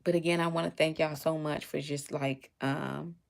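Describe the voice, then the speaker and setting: Low gravelly-voiced woman, earnest and rambling. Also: fairly even intonation, moderate pace. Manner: earnest, rambling, with many fillers and restarts; religious phrasing. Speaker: vlogger. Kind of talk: casual heartfelt monologue.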